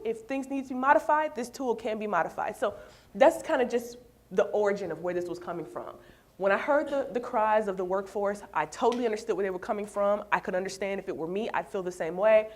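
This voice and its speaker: Woman running an hr training session, animated and chatty, talks to the room. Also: medium pitch, brisk. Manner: animated, storytelling with acted quotes. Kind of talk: workplace training presentation. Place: room with an audience.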